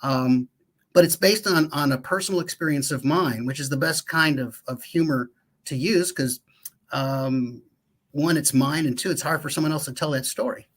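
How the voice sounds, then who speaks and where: Husky-voiced man telling a story. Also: on the high side, normal speed. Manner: relaxed, reflective storyteller with fillers. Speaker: guest, professional speaker. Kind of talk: casual interview chat.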